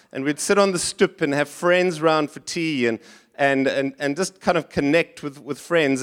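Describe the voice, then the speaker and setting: A middle-aged man, preaching a sermon in church in a conversational style, often restarting and going off on asides. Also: on the high side. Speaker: pastor.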